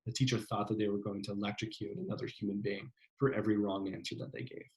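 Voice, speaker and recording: A man's voice: lowish voice, steady tone, quick pace, darkish tone, rough recording. A man giving a psychology lecture in a casual, conversational way, often checking in with "right?" and using fillers. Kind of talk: classroom lecture.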